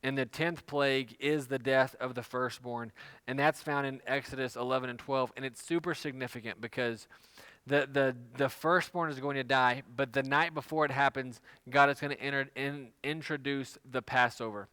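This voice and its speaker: A man's voice: medium pitch, steady tone, moderate pace, pushed and bright, clear, resonant tone, no echo. A man preaching a sermon, retelling a scripture story in casual, everyday speech. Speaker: pastor.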